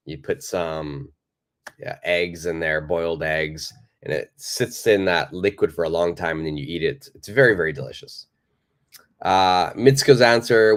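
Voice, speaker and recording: Man, English teacher, low voice, patient, repeats answers, live online lesson.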